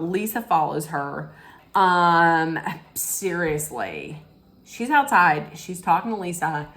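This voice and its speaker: A woman in a casual, gossipy recap, talking slowly and taking her time. Her voice sits a little low, and she rambles from one point to the next, slipping into the quotes as she goes. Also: fairly bright tone. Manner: rambling storytelling, acts out quotes. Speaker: reality TV recapper.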